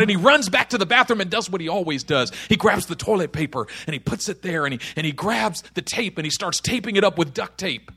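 High-voiced storytelling man preaching. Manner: storytelling with acted voices, swings from hushed to shouting. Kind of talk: sermon.

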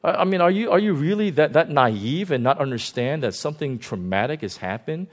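A man's voice: fairly high pitch, animated, fairly quick, voice pushed up. A man preaching, who voices a scornful male disciple scolding a stranger in a mocking, disbelieving tone. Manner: mocking, incredulous.

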